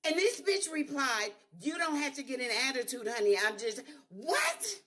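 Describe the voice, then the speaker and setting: A woman's voice: high voice, sing-song, normal speed, sharp tone. A woman in an angry, emotional video rant, swearing freely.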